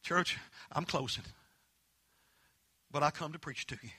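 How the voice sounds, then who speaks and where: A man preaching a holiness sermon, swinging from folksy, homey storytelling to loud, emphatic peaks. His voice is very bright and cutting, set a little above the usual male pitch. The sound is dry and close, with almost no room echo. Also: measured pace, husky.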